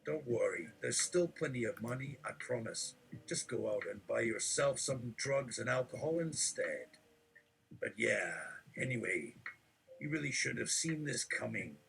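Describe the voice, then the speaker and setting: A man reading absurd text aloud in a deadpan, mock-preachy delivery, with a gravelly voice. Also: medium pitch, unhurried, a little hiss or hum, low-quality recording.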